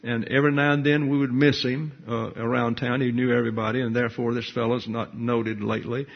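Older man teaching, husky voice. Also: medium pitch, flat delivery, brisk. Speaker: pastor. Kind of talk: Bible study teaching. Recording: muffled lo-fi recording.

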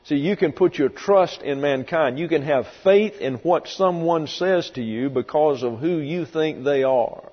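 Speaking a little slowly with few pauses, this man's slightly high voice carries an emphatic, vivid expository sermon. He is a pastor who sometimes acts out the voices in quotes, recorded in a reverberant hall with dull lo-fi audio and mains hum.

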